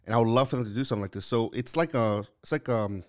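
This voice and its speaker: A man's voice: medium pitch, very fast. A man from New York chatting casually, rambling and searching for his words with lots of fillers. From New York, Lower East Side Manhattan. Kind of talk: casual chat.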